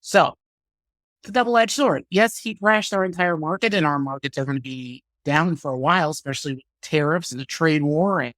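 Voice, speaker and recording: Blunt, profane podcast host ranting. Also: male voice, fairly high pitch, fairly quick, a bit bright, no echo, clean studio sound. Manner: blunt, profane, opinionated rant; laughs at himself, speaks in bursts with fillers. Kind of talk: casual solo podcast monologue.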